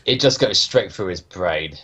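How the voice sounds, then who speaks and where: A man running a tabletop game as game master, talking haltingly and easygoing. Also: low voice, lively intonation, pushed and bright, slight background noise. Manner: halting, lots of fillers, easygoing.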